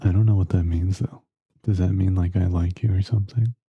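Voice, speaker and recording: A man's voice: sits low, steady tone, a little fast, slightly rough, no echo. A man streaming a game and chatting with viewers, crude and teasing. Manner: crude, teasing banter with chat. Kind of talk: casual gaming stream chat. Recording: dull lo-fi stream audio.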